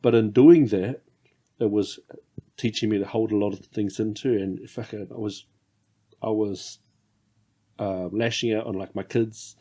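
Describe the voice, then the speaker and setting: A man's voice: on the low side, fairly even intonation, a little slow, long pauses, mellow. A middle-aged man hosting a podcast, reflecting candidly on fatherhood and swearing casually. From New Zealand. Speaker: podcast host. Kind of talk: casual chat.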